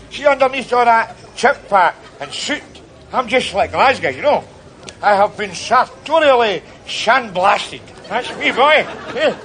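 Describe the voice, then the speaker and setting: A man's voice: high voice, fairly bright tone, slight background noise, exaggerated voice. An actor playing a boastful Glaswegian man on holiday, chatty and laughing in a sitcom. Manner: boastful, chatty, laughing, full of "you know" and "eh". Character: cocky Glasgow man on a sunny holiday. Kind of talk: sitcom acting.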